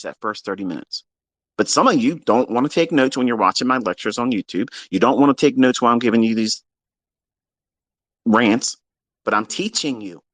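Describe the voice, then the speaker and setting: A man with a fairly high, very lively voice, swinging up and down as he scolds his listeners in a blunt, profane rant. He sounds close and dry, with no room around him. His delivery stays unscripted and hard-edged throughout. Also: no echo. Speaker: trading mentor. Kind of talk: unscripted rant on a live audio space.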